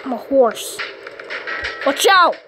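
A woman playing a mobile game, commenting casually and excitably with sudden shrieks and giggles. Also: high voice, takes it slowly, over music.

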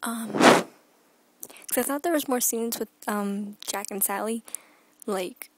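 A woman's voice: fairly high pitch, takes it slowly, rough recording. Chatty young woman vlogging from her bedroom. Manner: rambling, chatty, often drops into a whisper. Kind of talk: casual daily vlog. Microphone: phone held at arm's length.

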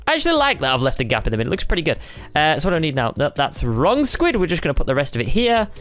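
A young man chatting excitably as he narrates a timed building game, thinking aloud in a casual commentary style. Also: a little high, rapid-fire, faint music behind. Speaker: gaming YouTuber.

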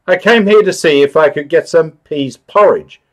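A man's voice: fairly high pitch, normal speed, voice pushed up, lightly acted. A man voicing a naive, polite man who has come down from the moon, in a storybook reading, raising his voice for the part. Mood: earnest. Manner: polite, earnest, easily startled.

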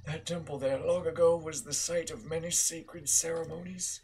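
A man's voice: on the high side, steady tone, moderate pace, creaky, a little mellow, a little hiss or hum, pitched above the performer's own voice. Man putting on a courtly old hermit. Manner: formal, courtly phrasing. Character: polite old male hermit, genteel and teasing. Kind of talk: gameplay commentary, reading game dialogue aloud.

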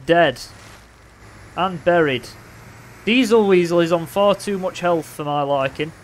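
A young man casually commentating his own racing game, playful and excitable, with loud bursts of trash talk. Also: on the high side, a little slow, slight background noise. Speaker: gaming commentator.

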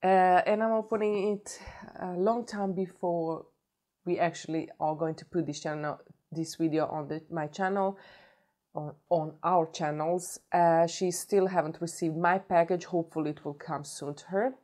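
Excitable woman with a cold. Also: on the low side, normal speed. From Sweden. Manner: excitable, gushing, breaks into giggles. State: has a cold. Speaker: beauty vlogger. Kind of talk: casual unboxing vlog.

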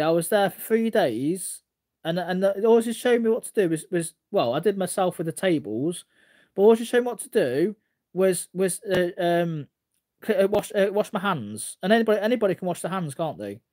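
A man talking casually to his livestream chat in a rather high voice. He rambles, repeats phrases and stumbles over his restarts, then answers the comments as they come in. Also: darkish tone.

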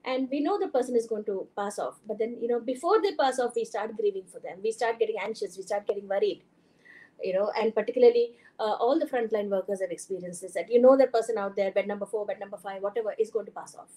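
A woman's voice: mid-range voice, fast, mellow. A woman doctor from India with an Indian English accent, giving a conversational conference talk with many fillers and some Hindi phrases. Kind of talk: lecture presentation. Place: conference hall.

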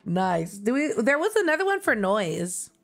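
An excitable young woman streamer chatting with friends during a party game. Her voice sits at an ordinary pitch and jumps to loud bursts, with faint music playing behind her. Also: normal speed, vocal fry.

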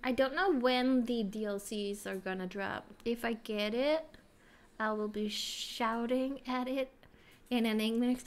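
A woman's voice: on the high side, measured pace. A woman streaming a video game, chatting and giggling to herself and her viewers at a desk mic. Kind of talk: casual live-stream chat while playing.

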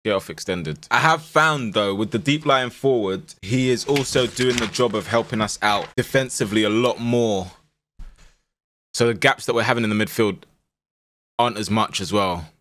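A young man streaming a football management game, shouting at his players and then dropping to low mutters. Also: normal speed, slight background noise. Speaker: gaming streamer. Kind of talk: live game commentary.

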